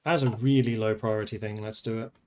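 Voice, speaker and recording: A man's voice: on the low side, fairly even intonation, fast, darkish tone. Man chatting through a strategy game. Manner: thinking aloud, chatty and playful. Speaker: game streamer. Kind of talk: casual gameplay commentary.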